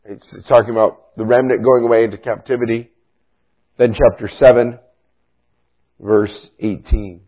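A man's voice: medium pitch, moderate pace. A man preaching a sermon as pastor, explaining a passage in an emphatic, teaching manner. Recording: tinny phone-like sound.

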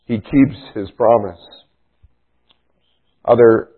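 A man's voice: mid-range voice, takes it slowly, slightly rough. A man preaching a sermon as pastor, explaining a passage in an emphatic, teaching manner. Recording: tinny phone-like sound.

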